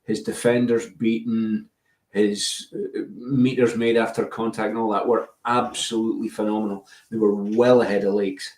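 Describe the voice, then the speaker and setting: A man's voice: on the low side, little pitch movement, normal speed, a little mellow. Man in an echoey room chatting. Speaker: podcast co-host. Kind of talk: casual chat.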